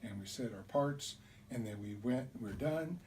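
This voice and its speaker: A man telling a childhood story in an animated way, acting out the voices, recorded on a distant mic with faint hiss. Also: mid-range voice, a little slow. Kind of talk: told personal story.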